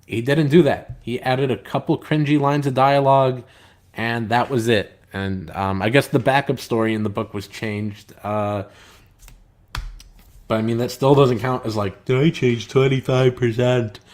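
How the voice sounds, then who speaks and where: A man hosts a casual live stream, chatting loosely with viewers and reading their comments aloud. His talk is rambling and halting, full of filler words, with a steady aggrieved edge. His voice sits at an ordinary middle pitch. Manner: aggrieved, complaining. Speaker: comic book writer and live stream host.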